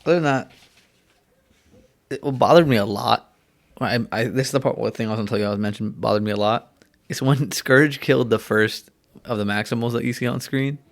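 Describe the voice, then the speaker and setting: Gravelly young man, relaxed chat. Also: mid-range voice, a little fast, pauses often. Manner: relaxed, laughs often, asks questions. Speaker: podcast co-host. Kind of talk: casual movie review chat.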